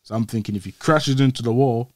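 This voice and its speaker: A man's voice: medium pitch, quick pace. Guy telling a story in street slang, dry close sound, no echo. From Old Trafford, Manchester, England. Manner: street slang, animated retelling. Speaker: interview guest. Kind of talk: casual storytelling.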